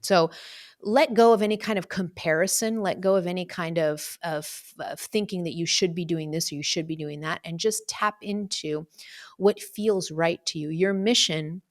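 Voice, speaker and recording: A woman's voice: on the low side, steady tone, moderate pace. A woman speaking casually about spiritual purpose, chatty and full of fillers, sometimes acting out other voices. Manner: chatty, many fillers, acts out quoted voices. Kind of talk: casual reflective talk.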